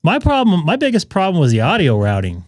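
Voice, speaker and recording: A man's voice: sits high, huge pitch swings, quick pace, no room sound, studio quality. A man hosting a ham radio live stream, chatting casually and rambling in asides to his viewers.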